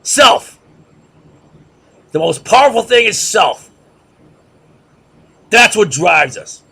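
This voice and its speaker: Man, lecturer, husky gravelly high voice, mocking rhetorical style. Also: expressive, takes it slowly, pushed and bright. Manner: sarcastic, mocking chants and repeated questions.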